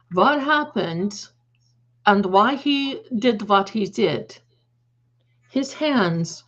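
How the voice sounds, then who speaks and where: Slow-talking woman on a dull lo-fi stream. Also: mid-range voice. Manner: rambling, emphatic, frequent self-corrections. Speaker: live stream host. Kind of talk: casual live-stream commentary.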